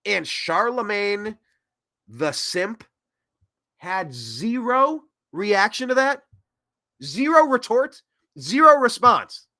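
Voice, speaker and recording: A man in his thirties hosts an opinion show in a bright, forceful voice that swings up and down. He rambles sarcastically and mocks the other side, pitched a little high for a man. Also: sing-song, slow pace, long pauses. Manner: rambling and sarcastic, with mocking put-on quotes. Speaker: host. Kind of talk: opinionated political commentary.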